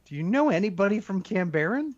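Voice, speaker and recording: A man's voice: high voice, very animated, fast talker. Wry man, muffled mic. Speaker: player. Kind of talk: casual tabletop play. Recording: dull, lo-fi mic.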